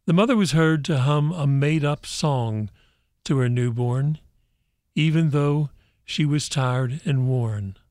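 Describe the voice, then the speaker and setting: A man reads a story aloud, gentle and measured, at a very slow pace. His voice sits a little high and the sound is dry and close. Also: no echo. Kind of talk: reading a Christmas story aloud.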